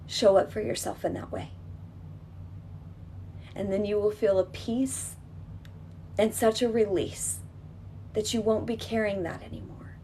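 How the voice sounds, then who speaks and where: A woman guides listeners through a healing exercise at a mid-range pitch. She coaches emphatically, repeating her points, reassuring and direct. A faint hiss of noise sits under her voice. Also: a little mellow.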